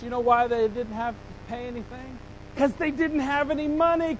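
A man preaching a sermon, animated and dramatic, acting out the complaints of biblical figures as he retells a scripture passage. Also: very high-pitched, measured pace, slight background noise, rough recording. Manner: animated preaching, voicing Bible figures with rising emphasis. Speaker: pastor.

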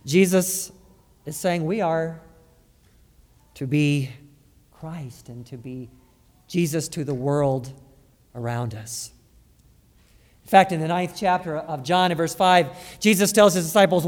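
A man preaching a sermon as pastor, halting and repeating words, then rising to emphatic stress. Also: fairly high pitch, big-room sound. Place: church sanctuary.

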